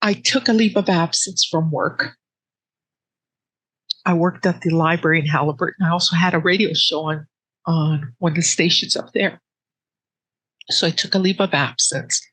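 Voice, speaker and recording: A woman telling her personal grief story in an interview, with earnest, halting speech full of restarts that sits close to tears. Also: lowish voice, slightly rough, dry recording, low-quality recording. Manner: soft and emotional, close to tears.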